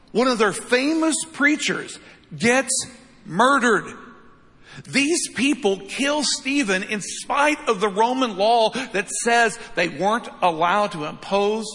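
A man's voice: high voice, bright, forceful tone. A man preaching a sermon as pastor, with an emphatic delivery that repeats phrases and keeps asking "right?". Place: church sanctuary. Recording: long reverb of a large hall.

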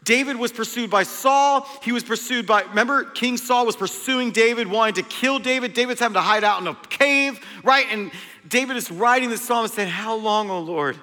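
High-voiced emphatic male preacher. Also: fairly quick, long reverb tail. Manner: emphatic, swinging between loud and hushed. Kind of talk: sermon.

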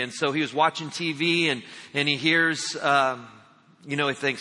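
A man's voice: on the high side, moderate pace, sharp tone. A man preaching a sermon as pastor, talking emphatically and calling his listeners friends. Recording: long reverb of a large hall.

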